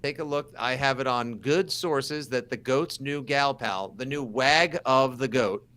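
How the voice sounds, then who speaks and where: Boston sports podcast co-host, sarcastic, bright tone, theatrical outbursts. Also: male voice, medium pitch, unhurried, clear, resonant tone. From South Shore of Boston. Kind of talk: casual sports chat.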